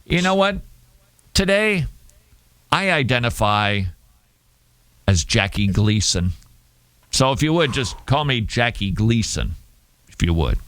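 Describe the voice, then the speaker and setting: A man's voice: medium pitch, sing-song, takes it slowly, pauses often, fairly bright tone, dry recording. A middle-aged man hosting a talk show, commenting casually with sarcasm and jokey asides.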